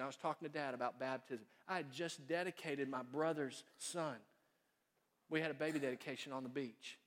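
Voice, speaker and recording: A man preaching a sermon as pastor in a church sanctuary, folksy and storytelling, growing quiet and earnest. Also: on the high side. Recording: long reverb of a church hall.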